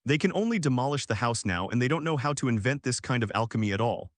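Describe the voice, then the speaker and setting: A man's voice: mid-range voice, animated, fast talker, no echo, natural voice. Weary, kindly wizard dad in a storybook, grumbling chattily, read by a male narrator. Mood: tired. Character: weary, kindly middle-aged wizard father.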